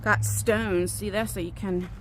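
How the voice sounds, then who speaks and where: A middle-aged woman telling a personal story while walking outdoors, chatty and animated, acting out what others said. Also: medium pitch, unhurried. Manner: chatty, animated, quotes people in raised voices. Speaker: vlogger. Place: outdoors on a walk. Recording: faint outdoor background noise.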